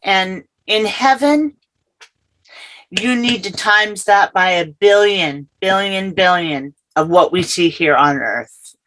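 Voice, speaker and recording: A middle-aged woman telling her personal story as an interview guest, earnest and halting, often repeating herself. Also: mid-range voice, a bit bright, low-quality recording.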